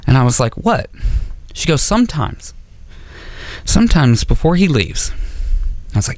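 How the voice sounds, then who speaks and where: Man, stand-up comedian, exasperated, stammering, profane, very lively pitch, dry close sound. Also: moderate pace, long pauses, dry recording. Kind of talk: stand-up routine. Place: comedy club stage.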